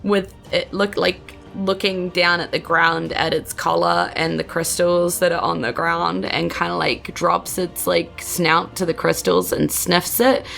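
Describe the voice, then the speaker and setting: A woman's voice: on the low side, level tone, a little slow, gravelly, hardly any pauses, fairly bright tone, soft background music. A woman with a New Zealand accent narrating as game master in a tabletop game, chatty and giggly with many fillers.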